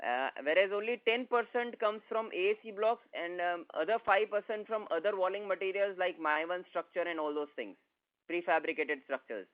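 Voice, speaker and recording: A man, a company executive giving steady, detailed answers on an earnings call. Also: high voice, normal speed. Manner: steady, explanatory, with fillers. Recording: phone-like conference line.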